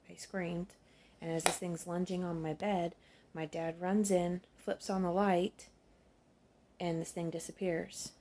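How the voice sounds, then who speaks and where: A woman telling a scary childhood story to her phone camera in a steady, understated way. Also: on the low side.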